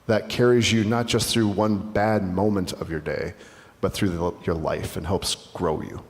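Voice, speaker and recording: A man in a church sanctuary, a pastor whose lowish voice carries a long hall reverb. He speaks earnestly and reflectively in a conversational dialogue sermon, circling back and restarting his sentences as he goes. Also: steady tone, moderate pace.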